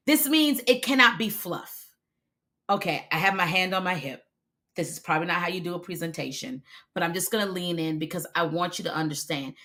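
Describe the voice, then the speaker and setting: An emphatic American woman in her forties coaches viewers on a live stream and answers their comments as she goes. Her pitch swings widely and her tone is bright and forward. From United States. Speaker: video visibility coach.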